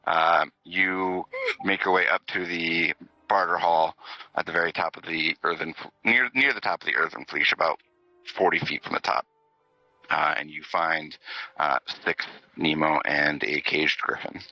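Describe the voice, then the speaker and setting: Low-voiced man running a tabletop game. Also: normal speed, dry recording, dull audio. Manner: relaxed, filler-heavy narration with chuckles. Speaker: game master.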